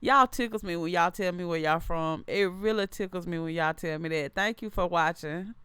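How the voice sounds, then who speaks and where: A woman's voice: lowish voice, normal speed, a bit bright, smooth, no echo. A woman in her thirties hosting a casual livestream, chatting loosely and reading viewer comments aloud, often repeating and restarting her phrases. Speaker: livestream host.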